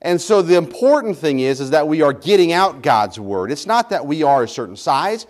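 A man's voice: on the high side, big pitch swings, normal speed. A man preaching a sermon as pastor, speaking emphatically and building his points through repetition.

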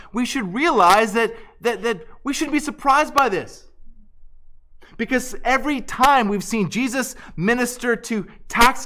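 A man's voice: extremely high pitch, a bit bright. A man preaching an expository sermon, earnest and emphatic, often restarting and repeating words.

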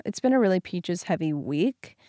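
A woman's voice: on the low side, lively intonation, moderate pace, dark tone, no room sound. A woman co-hosting a podcast in casual chat, rambling with plenty of fillers like "um" and "like". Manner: rambling, lots of "like" and "um". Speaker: podcast co-host.

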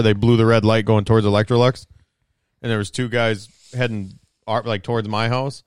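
A man's voice: on the low side, clean tone, no room sound, clean studio sound. A young man co-hosting a casual podcast chat, telling rambling stories, swearing freely and laughing often. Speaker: podcast co-host.

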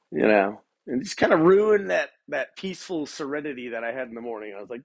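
A man's voice: medium pitch, lively intonation, fast talker, creaky, few pauses, dry recording. Young man, casual rambling talk, lots of swearing, dry close sound, pacing in his bedroom. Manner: laid-back, rambling, swears a lot, says man and dude; pacing while talking. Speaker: podcast host. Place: bedroom at home.

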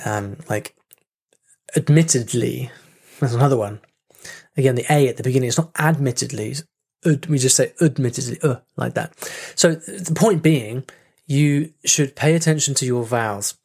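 A man speaking as a language coach in a casual teaching talk, lively, saying sounds aloud to demonstrate them and often restarting his phrases. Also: medium pitch, normal speed, long pauses, slightly rough. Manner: restarts and repeats words often.

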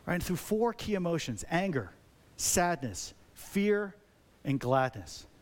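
A man preaching a sermon as a pastor, talking conversationally with many rhetorical questions and lively, animated delivery. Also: a little high, takes it slowly.

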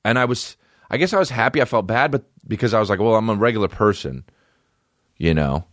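A man's voice: fairly low pitch, animated, brisk, a bit bright, no echo, clean studio sound. A man in his thirties hosting a podcast, telling rambling, profane, self-deprecating stories in a casual comedic way. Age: 30s. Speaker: podcast host.

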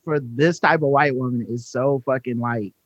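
A man's voice: medium pitch, normal speed, fairly bright tone, dry recording, dull audio. A man talking animatedly and profanely on a podcast. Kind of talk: casual podcast banter.

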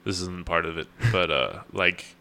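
A man hosting a casual podcast, teasing his guest in a dry, deadpan way. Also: low-pitched, measured pace, gravelly. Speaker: podcast host. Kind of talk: casual chat.

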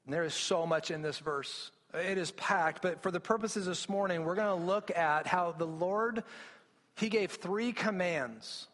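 Male pastor, high voice, earnest sermon, echoing church hall. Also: measured pace, fairly bright tone. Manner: earnest, explanatory preaching with frequent restarts. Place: church sanctuary. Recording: long reverb of a church hall.

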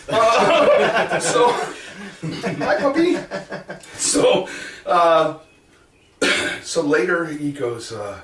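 A man in his forties or older tells stories with a lively, swooping pitch, throwing himself into other people's voices and cursing as he goes. He is picked up from a distance in an echoey room with faint background noise. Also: very slow, long pauses. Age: 40s or older. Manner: animated storyteller who acts out quotes, swears and laughs often. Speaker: guest, wrestling manager and comic hypnotist. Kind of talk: casual storytelling interview. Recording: roomy echo from a distant mic with faint noise.

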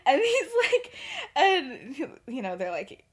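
A woman's voice: sits high, huge pitch swings, takes it slowly, slightly rough. A young woman co-hosting a podcast, retelling a story in casual chat, giggly and full of filler words.

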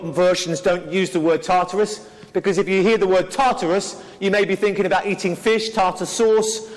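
A man gives a Bible lecture in a noticeably high voice. He talks earnestly, breaking off and correcting himself as he goes. His words ring out with a long reverb from a large hall. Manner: earnest, explanatory, with stumbling restarts and self-corrections. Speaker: Bible teacher.

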